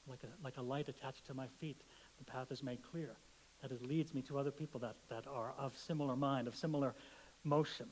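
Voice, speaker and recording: A man's voice: medium pitch, fairly even intonation, a little fast, a little hiss or hum, poor audio. A middle-aged man preaching a sermon in a conversational, playful way, telling stories and acting out the voices in them. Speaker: pastor. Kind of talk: sermon with storytelling.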